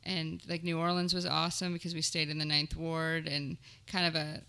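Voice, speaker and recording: A woman's voice: low voice, monotone, normal speed, sharp tone, smooth. A young woman, a touring comedian, chatting casually and rambling as a guest, laughing often. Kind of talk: casual chat.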